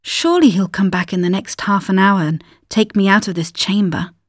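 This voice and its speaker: A frightened young wife, pleading and unsure, as a woman storyteller reads her. The sound is dry and close, the pitch middling. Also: a little fast, dry recording, lightly acted. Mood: hopeful. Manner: fearful, pleading.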